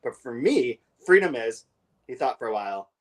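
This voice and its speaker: A man in casual book-club talk, his pitch sitting right in the middle for a man. He leans on fillers and restarts and speeds up when he reads passages aloud. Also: sing-song, normal speed. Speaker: podcast co-host.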